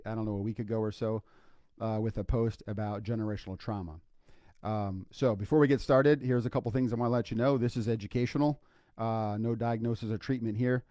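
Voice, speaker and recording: A man's voice: mid-range voice, mellow, no room sound, clean studio sound. An older man, a grandfather and psychologist, co-hosting a podcast alone in an informal, earnest livestream talk full of fillers and repeated points. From Iowa, United States. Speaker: podcast co-host, clinical psychologist. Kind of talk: impromptu solo livestream talk.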